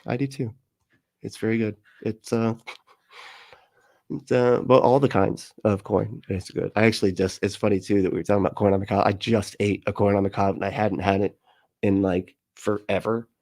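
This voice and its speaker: A man's voice: fairly low pitch, fairly even intonation, normal speed, a little mellow. Rambling, jokey man streaming. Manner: rambling, jokey, laughs often, trails off on tangents. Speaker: livestream host reading chat comments. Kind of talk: casual livestream chat.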